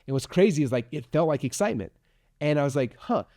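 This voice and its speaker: A man in his forties giving an energetic, chatty motivational talk as a podcast host, full of "like" fillers. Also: fairly high pitch, quick pace.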